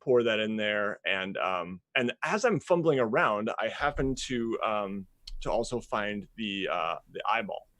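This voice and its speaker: A man's voice: fairly low pitch, expressive, measured pace, fairly bright tone, no room sound. A man playing a character in a tabletop game, rambling with many hesitant fillers. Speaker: player.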